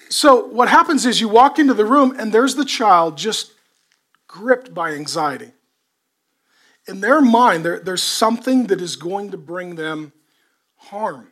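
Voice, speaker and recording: A middle-aged male pastor preaching a sermon to a congregation, swinging between loud delivery and hushed, intimate talk. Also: sits high. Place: church before a congregation.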